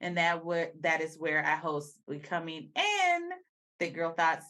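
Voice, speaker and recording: A woman's voice: low voice, animated, a little slow, bright, forceful tone. Woman podcast host, casual, chatty, laughs easily, rambles. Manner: chatty and giggly, rambling asides. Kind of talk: casual chat.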